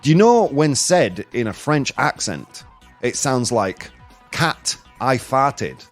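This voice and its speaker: A man's voice: mid-range voice, big pitch swings, a little slow, soft background music. A man hosting a casual live-streamed news podcast, joking, rambling and laughing at his own jokes. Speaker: podcast host.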